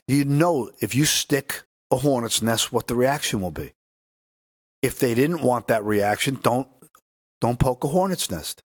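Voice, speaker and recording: A man's voice: mid-range voice, husky, dry recording. A man co-hosting a political talk show, reading news aloud and rambling in casual commentary.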